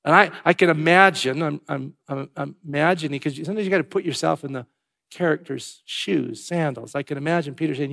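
A man preaching a sermon, swinging between hushed, tender passages and loud, emphatic ones. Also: fairly high pitch, brisk, vocal fry. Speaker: pastor.

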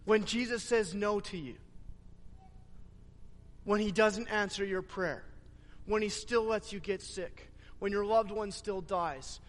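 High-voiced preacher in a reverberant hall. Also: male voice, slow pace, pauses often. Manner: animated retelling of scripture with acted dialogue. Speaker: pastor. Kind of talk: sermon.

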